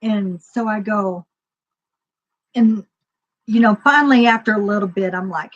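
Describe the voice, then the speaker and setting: A woman's voice: medium pitch, unhurried, dull audio. A woman casually telling a personal story, rambling, with lots of fillers and acted-out dialogue.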